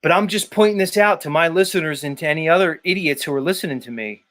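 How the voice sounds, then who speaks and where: A man's voice: fairly high pitch, fast talker, a bit bright. A man hosting a livestream, ranting in a heated, profane way at his chat and repeating people's names. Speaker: livestream host. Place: dark room.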